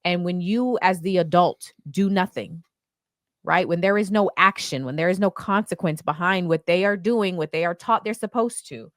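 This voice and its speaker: A woman's voice: on the low side, moderate pace, dry recording, clean studio sound. A woman hosting a casual podcast, talking through a legal case in impassioned, indignant bursts. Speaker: podcast host.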